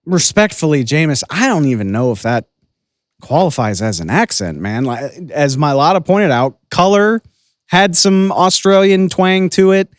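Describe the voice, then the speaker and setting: A man's voice: on the high side, expressive, moderate pace, dry recording, clean studio sound. A man hosting a sports podcast, giving enthusiastic, opinionated casual commentary.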